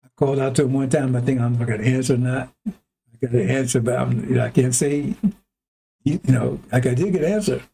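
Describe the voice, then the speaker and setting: Male preacher, rambling and animated, husky and mellow. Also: mid-range voice, fast. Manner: animated, acts out arguments with God in a raised voice. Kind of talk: rambling sermon.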